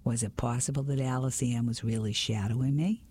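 A man reading a mystery novel aloud in a hushed whisper, with small slips. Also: medium pitch, fairly even intonation, a little fast, husky. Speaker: reader. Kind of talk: whispered storybook narration.

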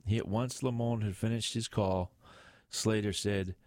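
Male audiobook narrator, lowish pitch, steady read, dry close sound. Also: a little slow, dry recording. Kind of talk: reading a crime novel aloud.

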